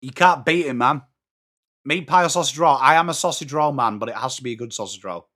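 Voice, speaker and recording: A man from England with an English accent, hosting a live sports watchalong, chatting excitably with viewers between calls of the play. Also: medium pitch, brisk. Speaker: watchalong host.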